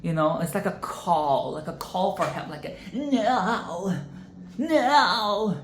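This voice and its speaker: A woman's voice: deep voice, moderate pace, a little hiss or hum. A woman hosting a casual singing lesson, chatty and self-interrupting, who often breaks into sung and exaggerated vocal demonstrations. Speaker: singing tutorial host. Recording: echoey room.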